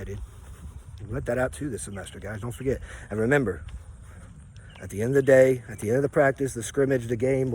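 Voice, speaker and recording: A man's voice: on the low side, a little hiss or hum. A man, a personal trainer, talking outdoors in a rambling, preachy, upbeat monologue full of slang and catchphrases. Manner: preachy, upbeat, repeats catchphrases, drifts off topic; casual slangy delivery with laughs and fillers. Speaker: personal trainer and wellness vlogger.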